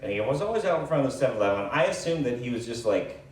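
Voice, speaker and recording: A man doing live stand-up, telling a rambling, self-deprecating story with lots of fillers and quick asides. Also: mid-range voice, very animated. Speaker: stand-up comedian. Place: comedy club stage. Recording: echoey room, distant mic, faint hiss.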